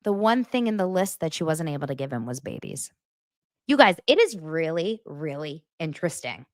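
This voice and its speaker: A woman's voice: sits low, sing-song, moderate pace, no room sound, studio quality. A woman hosting a podcast, giving a chatty, gossipy recap of a reality TV show with blunt opinions. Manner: chatty and gossipy, heavy use of "like"; blunt and judgmental. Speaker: podcast host.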